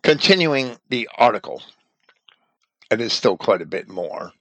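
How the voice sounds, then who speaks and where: A man's voice: fairly low pitch, big pitch swings, a little slow, fairly bright tone, dry recording, rough recording. A man reading an article aloud and commenting on it as a religious teacher, spelling out names letter by letter.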